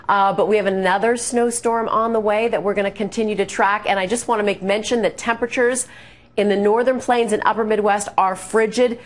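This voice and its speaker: A woman meteorologist delivering a chatty weather update in the studio. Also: medium pitch. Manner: brisk, chatty forecasting.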